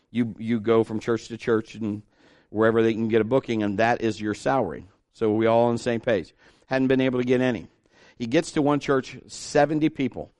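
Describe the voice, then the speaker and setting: A middle-aged man preaching a sermon, telling a story and acting out the people in it, swinging between loud and hushed. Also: medium pitch, no room sound. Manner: animated, acts out dialogue, shifts between loud and hushed.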